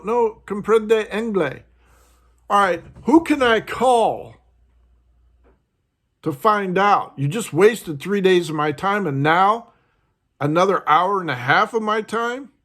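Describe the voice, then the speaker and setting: A man hosting his own vlog, ranting in a frustrated, casual way about bad customer service. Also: a bit bright. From United States. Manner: frustrated, ranting, mimics others in a higher voice. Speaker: host.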